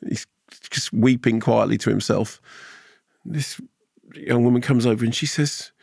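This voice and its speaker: Gravelly, jokey male co-host. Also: mid-range voice, no echo, clean studio sound. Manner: animated retelling, quick to laugh, jokey. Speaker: podcast co-host. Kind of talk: casual chat, storytelling.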